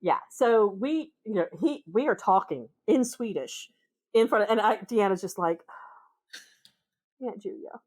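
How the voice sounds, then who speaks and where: Woman, Minnesota accent, podcast guest, lively storyteller, mid-pitched voice. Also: moderate pace. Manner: animated, acts out voices in her anecdotes. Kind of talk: casual storytelling conversation.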